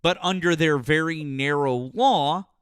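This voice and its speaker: A man hosting a call-in politics show, blunt and forceful, repeating himself and swearing as he corrects a caller. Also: fairly high pitch, a little slow, clear, resonant tone, no echo, studio quality. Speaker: show host. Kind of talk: heated call-in argument.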